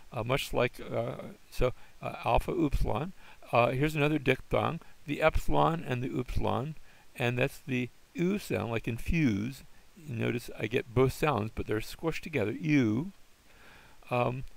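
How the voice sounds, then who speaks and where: Man, Greek teacher, heavy vocal fry, mid-pitched, relaxed classroom explanation, slow deliberate sounding-out. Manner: patient, thinking aloud, sounds words out slowly.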